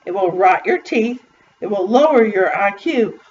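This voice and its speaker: Woman doing a strict dad, slow and firm, read-aloud storybook. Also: mid-range voice, animated, darkish tone, recorded from a distance, dull audio, close to an everyday voice. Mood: scolding. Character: stern, fussy father.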